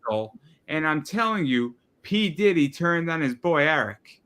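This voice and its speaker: A man's voice: a little high, very animated, normal speed, a bit bright, clear, resonant tone. A man trading jokes and wild theories as a co-host in a casual chat. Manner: joking, conspiratorial. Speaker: podcast co-host.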